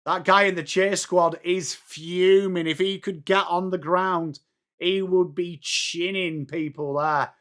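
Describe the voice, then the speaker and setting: An English man hosting a fan watchalong, chatting through the match as live fan commentary and breaking into shouts at big plays. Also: high-pitched, fairly even intonation, slow pace. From England.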